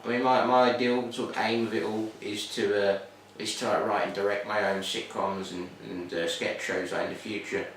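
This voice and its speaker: Young man, Cockney accent, rambling, full of "sort of" and "like", fairly low voice, faint background noise. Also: flat delivery, fairly quick, few pauses, fairly bright tone. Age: young adult. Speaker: TV production student. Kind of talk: casual interview answers. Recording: very echoey room, distant mic.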